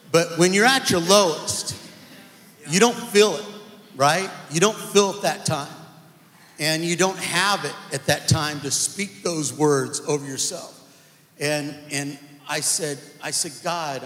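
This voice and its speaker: High-voiced man preaching in a reverberant hall. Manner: storytelling, building to loud emphatic climaxes. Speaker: guest preacher. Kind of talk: sermon testimony. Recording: live church hall reverb.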